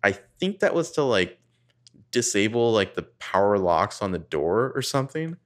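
A man's voice: on the low side, big pitch swings, normal speed. A man in casual chat, recapping a film with profane, sardonic asides and rambling digressions.

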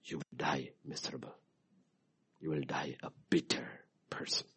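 A man preaching a sermon in a dramatic way, swinging from loud outbursts to hushed whispers. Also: very deep voice, fairly even intonation, normal speed, breathy edge.

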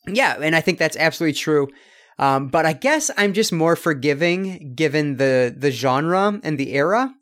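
A man co-hosting a casual film review podcast, talking in a rambling way with many fillers and restarts. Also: on the high side. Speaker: podcast co-host.

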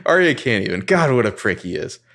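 A man co-hosting a casual TV recap, animated and profane, often acting out the scenes. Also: medium pitch, a little fast. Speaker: podcast co-host.

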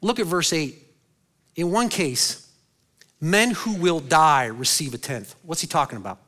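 A male pastor delivers a dynamic sermon in a bright, fairly high voice. He swings from loud, soaring bursts down to hushed, low lines. He keeps asking the congregation questions and answering them himself. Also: animated, a little slow.

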